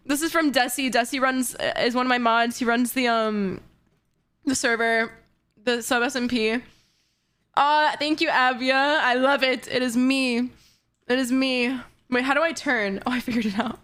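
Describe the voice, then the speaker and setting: Young woman streamer, high and bubbly, giggly while reading fan notes on a casual stream. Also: measured pace, a bit bright. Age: 20s. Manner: bubbly and giggly, often breaking into laughter. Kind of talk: casual livestream chat, reading fan messages aloud.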